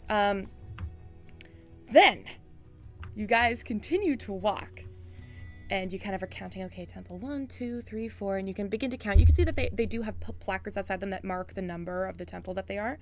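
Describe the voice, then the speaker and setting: Faint music plays behind a fairly quick, mid-range female voice. She's running a tabletop game, narrating scenes for her players casually and sprinkling in lots of "um" and "like."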